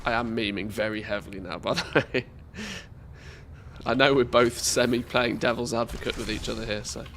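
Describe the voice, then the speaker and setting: A man's voice: medium pitch, fairly even intonation, normal speed, a bit bright, slight background noise. A man with a nasal voice, congested from a cold, giving casual commentary as he streams a game, rambling with restarts and dry jokes. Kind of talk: casual live-stream commentary while playing.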